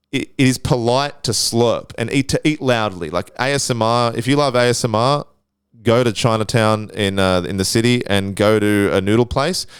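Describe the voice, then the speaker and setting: A smooth, medium-pitched Australian man with studio-quality audio and no room sound hosts a casual podcast on his own. Crude and rambling, he swears constantly and restarts sentences again and again.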